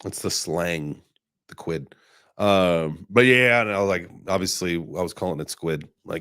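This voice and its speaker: A man with a fairly low voice hosts a casual chat, rambling along loosely with plenty of fillers. The sound is close and dry, with no room around it. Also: a little slow, clean tone, no echo. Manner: relaxed, rambling, many fillers. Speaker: host.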